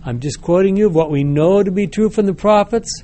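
A man's voice: high-pitched, fairly quick, mellow, slight background noise. A man teaching a Bible study class, reading scripture aloud and then explaining it with questions to the group. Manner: reads passages, then asks the group checking questions.

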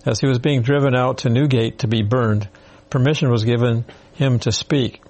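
A man in a Bible study group reading a story from a study guide in a plain, measured way. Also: mid-range voice, fairly even intonation, darkish tone.

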